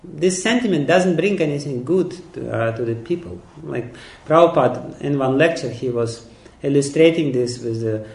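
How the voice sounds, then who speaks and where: A man's voice: mid-range voice, lively intonation, normal speed, vocal fry, darkish tone. A man giving an emphatic sermon on scripture, often laughing. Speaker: lecturer on scripture. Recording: echoey room.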